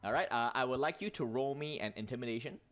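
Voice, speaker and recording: A man runs a tabletop game as dungeon master, narrating the scene in a chatty, easygoing voice. He trips over his own words and corrects himself as he goes, and his voice sits at an ordinary middle pitch. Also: quick pace, a bit bright. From Malaysia. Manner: chatty, with self-corrections and laughs.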